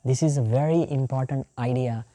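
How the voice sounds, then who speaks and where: Indian woman teacher, low mellow voice, lively storytelling lecture. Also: fairly quick. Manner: animated storytelling, acting out the characters' voices. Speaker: yoga and scripture teacher.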